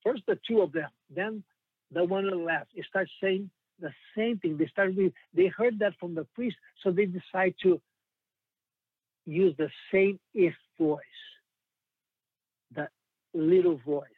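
A man delivers a sermon with earnest emphasis, his voice sitting a little high. The sound is thin and phone-like, very dry with no room echo. He slows down to stress the scripture he quotes. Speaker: preacher.

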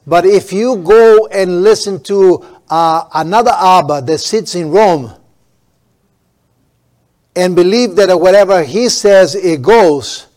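Emphatic male preacher, slightly high voice. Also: a little mellow. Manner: emphatic, drawn-out stresses, frequent restarts. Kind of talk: sermon.

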